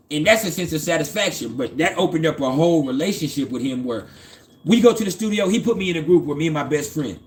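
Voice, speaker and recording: A man's voice: on the high side, fairly quick. A man hosting an astrology channel, casually telling a personal story in a profane, streetwise, conversational way.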